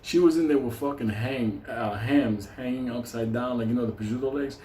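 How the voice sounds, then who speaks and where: A man's voice: mid-range voice, brisk, dark tone, a little hiss or hum. A man telling a rambling, profane comic story, laughing through it. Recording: roomy echo, faint ambience.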